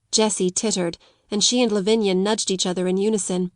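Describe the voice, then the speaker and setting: A woman reading a classic novel aloud as an audiobook narrator, in clear, even storytelling. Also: mid-range voice, fairly quick, no echo, clean studio sound.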